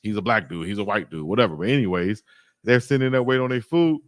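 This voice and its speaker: A man from Alabama, hosting a sports livestream, telling stories in a slangy, lively way and reading chat comments aloud. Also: fairly low pitch, fast, no echo, clean studio sound. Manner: slangy, animated storytelling, reads chat aloud. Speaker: sports YouTube host.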